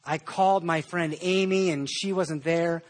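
A male preacher voicing a lonely young woman who is crying on the phone and speaks in a plaintive, halting way. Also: on the low side, fairly even intonation. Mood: tearful. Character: lonely tearful young woman calling a friend.

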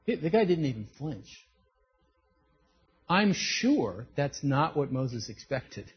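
A man's voice: fairly high pitch, slow pace, slightly rough. A man preaching a sermon, telling stories and acting out the voices in them. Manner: animated storytelling, acts out quoted voices. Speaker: pastor. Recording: dull lo-fi recording.

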